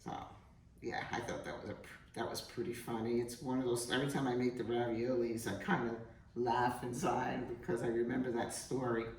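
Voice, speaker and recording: A woman's voice: extremely low pitch, flat delivery, a little fast, darkish tone. Middle-aged woman, cooking show host, chatty and self-mocking, roomy distant sound. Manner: chatty, jokey, talks straight to viewers as "guys". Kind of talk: casual cooking demonstration. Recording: roomy, distant from the mic, faint hum.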